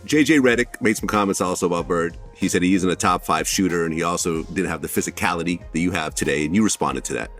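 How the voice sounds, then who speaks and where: A man interviewing, briskly setting up a question by quoting others' comments. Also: sits low, a bit bright. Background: music.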